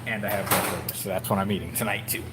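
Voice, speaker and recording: A man's voice: low-pitched, steady tone, rapid-fire, very noisy. A man hosting a live stream from inside a bike shop, chatting playfully and laughing often. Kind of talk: casual live-stream chat.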